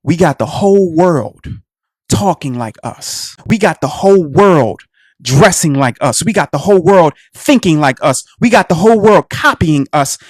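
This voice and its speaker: A man's voice: a little high, lively intonation, normal speed, no echo, clean studio sound. Preachy man with a Black American accent. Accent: Black American English. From United States. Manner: preachy, addresses listeners as family. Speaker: radio show host. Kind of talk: impassioned monologue.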